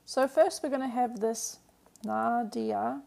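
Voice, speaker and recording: A woman's voice: fairly high pitch, steady tone, fairly quick, creaky, darkish tone. A woman teaching a live-streamed language lesson, patiently explaining grammar and answering viewer questions with lots of "um" and "like".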